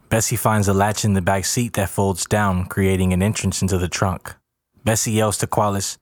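A man narrating a story in a plain, steady way. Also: low-pitched, a little fast, dry recording, clean studio sound.

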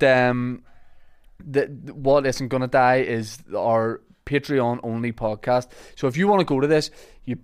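Rambling Northern Irish podcast host. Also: male voice, mid-range voice, clear, resonant tone. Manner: rambling, jokey, with fillers and restarts. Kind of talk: casual podcast chat and sponsor reads.

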